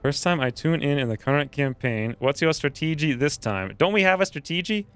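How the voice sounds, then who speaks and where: Male streamer with a crisp, clear voice: casual, self-mocking commentary while he plays. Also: on the high side, expressive, fairly quick, soft background music. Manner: joking, self-mocking, thinks aloud. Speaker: gaming streamer.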